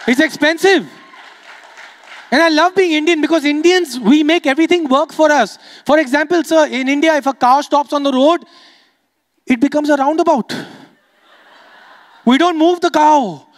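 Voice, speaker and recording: Man, from the Emirates, stand-up comedian, high voice, teasing, crowd work, long stage reverb. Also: moderate pace, long pauses. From United Arab Emirates. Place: comedy stage before a live audience.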